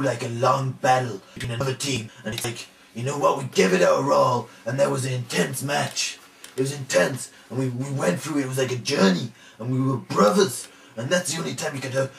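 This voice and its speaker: A man's voice: medium pitch, a little hiss or hum, close to an everyday voice. A man playing a blustering macho rugby player. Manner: rambling, boastful, packed with "like" and "you know". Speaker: comic character in an amateur trailer. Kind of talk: improvised comedy monologue. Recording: roomy amateur video from far off with music.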